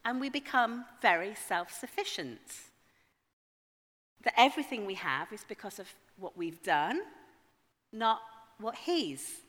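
Bright-voiced woman preaching in a reverberant church. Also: medium pitch, animated, a little slow, long pauses. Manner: conversational, wry asides to the congregation. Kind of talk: sermon. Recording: long hall reverb.

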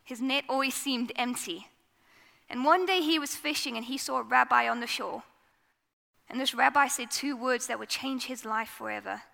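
A woman's voice: high voice, moderate pace, gravelly, sharp tone, in a large hall. A woman giving a conversational, earnest sermon in a church. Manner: earnest, conversational preaching with fillers. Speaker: preacher.

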